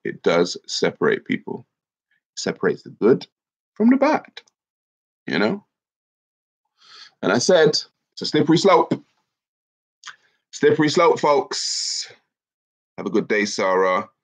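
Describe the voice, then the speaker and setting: Speaking slowly with long pauses in a medium pitch, a congested man with a cold runs a casual livestream. He reads viewers' comments aloud, chatty and lively, and the recording has a dull lo-fi quality.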